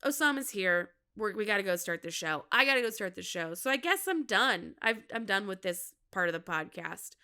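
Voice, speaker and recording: Midwestern comedian lady rambling on her podcast, bright crisp voice, laughs at herself. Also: medium pitch, animated, normal speed, hardly any pauses. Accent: Midwestern American. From Minnesota. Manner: candid, self-mocking, jokey with laughs. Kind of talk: casual solo podcast chat.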